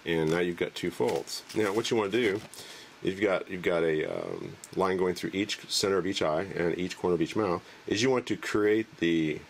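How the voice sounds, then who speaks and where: Deep-voiced man, casual, rambling trick tutorial. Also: normal speed, vocal fry, a little hiss or hum. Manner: relaxed, rambling, joking. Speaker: magic trick presenter. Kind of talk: casual demonstration.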